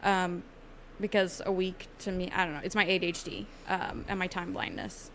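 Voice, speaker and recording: A woman's voice: on the low side, very animated, normal speed, slight background noise. A young adult woman co-hosting a podcast, chatting casually and laughing often. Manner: chatty, laughs often, slips into mock voices. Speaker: podcast co-host. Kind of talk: casual chat.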